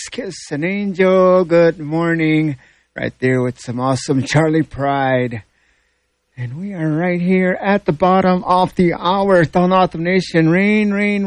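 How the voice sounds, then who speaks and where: Slow-talking male radio host. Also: fairly high pitch, no room sound. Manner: slow, relaxed, rambling with fillers. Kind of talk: morning radio chat.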